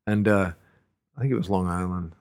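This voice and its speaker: A man's voice: low voice, steady tone, brisk, a little mellow, clean tone. A middle-aged man, a musician, telling stories from his touring days in a loose, rambling way, full of fillers and restarts. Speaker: musician recalling his career. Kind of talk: casual storytelling interview.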